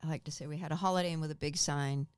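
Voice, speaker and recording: A woman's voice: sits low, steady tone, clean tone, dry recording. A middle-aged woman from Massachusetts, a comedian guest telling punchy, self-mocking stories in a chat. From Brockton, Massachusetts. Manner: punchy, wisecracking, quick self-mocking asides. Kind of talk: comic storytelling in a chat.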